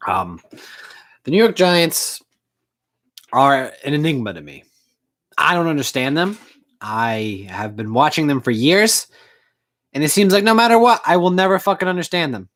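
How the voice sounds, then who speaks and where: Woman with a deep voice swinging all over the place, swearing mad in a postgame rant. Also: animated, normal speed, pauses often. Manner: angry, profane and emotional. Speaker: sports fan vlogger. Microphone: home recording setup.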